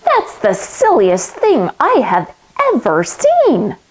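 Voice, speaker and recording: A woman's voice: on the high side, huge pitch swings, takes it slowly, slight background noise, pitched above the performer's own voice, exaggerated voice, low-quality recording. A woman doing a skeptical farm cow.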